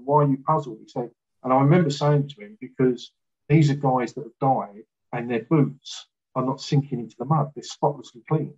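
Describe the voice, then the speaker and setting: A man recounting an experience as a guest, talking haltingly with fillers and restarts. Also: mid-range voice, a little mellow, slightly rough, lo-fi sound. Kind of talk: casual storytelling in an interview.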